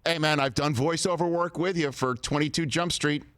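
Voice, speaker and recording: A man's voice: a little high, normal speed, fairly bright tone, no echo. A man hosting a talk show, chatting casually and teasing his guest with playful, repeated questions. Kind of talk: casual interview chat.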